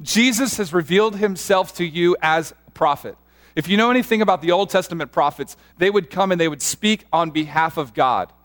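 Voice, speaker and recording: A man preaching a sermon as a pastor, earnest and animated, often restarting his sentences as he tells stories. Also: sits high, a little fast.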